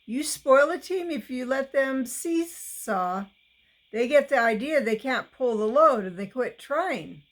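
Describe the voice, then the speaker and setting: A woman voicing a stern but kindly farm father who gives calm, matter-of-fact advice. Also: sits high, a little slow.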